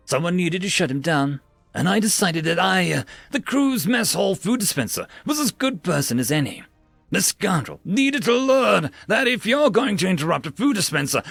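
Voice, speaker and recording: A man narrates a sci-fi story in a wry, animated style, his pitch swinging widely. His voice is gravelly and a little high, recorded dry and close with faint music behind. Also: dry recording.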